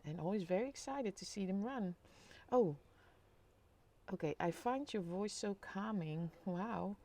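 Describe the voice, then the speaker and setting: Chatty middle-aged woman, live vlog host, reads comments aloud, mid-pitch, easygoing. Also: unhurried. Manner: chatty, reads viewer comments aloud, bursts into excited squeals. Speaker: live-stream vlogger. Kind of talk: casual live-stream chat greeting viewers. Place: home by a window overlooking a city street.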